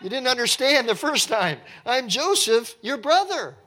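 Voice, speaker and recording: A man's voice: very high-pitched, very animated, unhurried, pushed and bright, a little hiss or hum, pitched above the performer's own voice, heavily acted. A man acting out a grown Joseph pleading tenderly and urgently with his brothers. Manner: emotional, urgent, coaxing.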